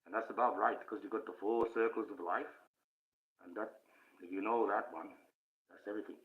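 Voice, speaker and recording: A man from Australia on a livestream, talking in an ominous put-on voice instead of his real one and rambling slowly about spiritual ideas. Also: on the low side, steady tone. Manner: slow, rambling spiritual musings. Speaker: live streamer. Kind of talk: casual spiritual monologue on a livestream. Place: indoors, speaking under a mask by candlelight. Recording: tinny phone-like audio.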